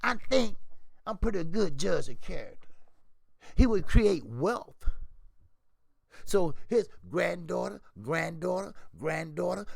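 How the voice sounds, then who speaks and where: An older man, talking loose and preachy as he rants about the sport. His voice is high and heavily gravelly, swinging wildly in pitch, and he takes his time. The sound is dry and close. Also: no room sound. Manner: animated, preachy, repeats "you see?". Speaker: boxing channel host. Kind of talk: casual opinionated commentary.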